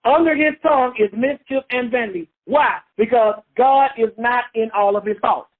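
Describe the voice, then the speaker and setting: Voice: medium pitch, normal speed. A Bible teacher leading a call-and-response study, repeating points and asking listeners questions. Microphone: phone. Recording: phone-line radio call.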